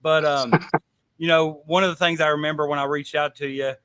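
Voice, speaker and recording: Podcast host, man, fairly high and bright voice, loose rambling questions, dry sound. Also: flat delivery, brisk, clear, resonant tone, dry recording. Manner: rambling, hesitant questions with fillers. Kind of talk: casual interview.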